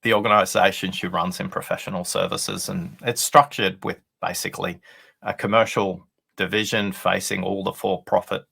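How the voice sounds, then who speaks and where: A man's voice: low-pitched, vocal fry, sharp tone, breathy edge. A man, an author and guest on a leadership show, telling a story in an earnest, explanatory way over a video call. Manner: earnest, explanatory, acts out quoted dialogue. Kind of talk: conversational storytelling.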